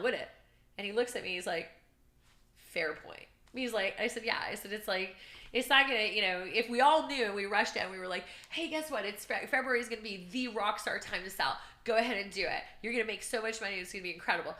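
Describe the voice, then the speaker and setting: A woman, a real estate coach and podcast guest, chatting energetically and telling animated stories. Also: mid-range voice, fast. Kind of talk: casual podcast chat. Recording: roomy echo.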